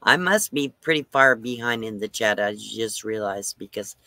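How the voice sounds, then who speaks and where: A man's voice: on the low side, moderate pace, pushed and bright, dry recording. An older man hosting a livestream, telling a rambling story casually and chuckling often between lines. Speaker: livestream host.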